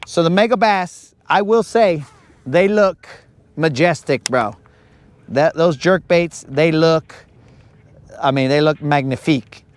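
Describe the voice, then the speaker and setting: Guy chatting on a live fishing stream, jokey, says bro a lot, kinda high voice. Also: takes it slowly. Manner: slangy, rambling, joking, says bro a lot. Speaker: fishing livestream host. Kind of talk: casual live-stream banter. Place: on a boat outdoors.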